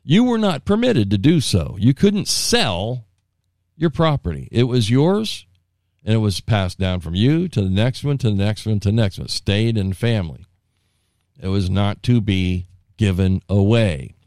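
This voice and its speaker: A man with a very low, gravelly voice gives an informal Bible teaching, retelling scripture in his own words. He rambles a little, with asides and restarts, in a folksy storytelling way. The sound is dry and close, with no room echo. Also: sing-song, a little slow, darkish tone. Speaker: preacher.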